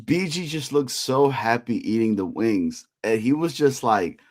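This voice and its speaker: A man's voice: medium pitch, expressive, measured pace, darkish tone. A man chatting casually on a sports show, recalling a meal in a laid-back way. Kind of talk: casual chat.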